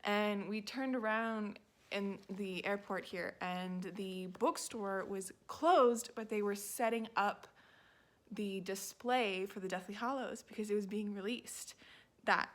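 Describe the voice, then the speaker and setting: A woman in her twenties, a book vlogger rambling in casual chat, filling her talk with "like" and dropping into quiet asides. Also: medium pitch, slow pace. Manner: rambling, heavy use of "like", quiet muttered asides.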